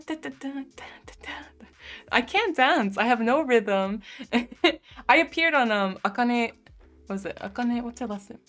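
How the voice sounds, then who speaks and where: A little high and a bit bright, the voice belongs to a young woman from the US who has a lisp, a speech impediment. She giggles often and says "like" a lot while casually reading viewer comments on her live stream.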